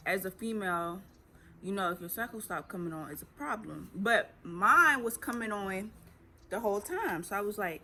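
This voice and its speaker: Teen vlogger, bright voice, chatty story, faint room hum behind. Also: female voice, mid-range voice, moderate pace. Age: teens. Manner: chatty, animated retelling with acted quotes. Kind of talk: casual storytelling.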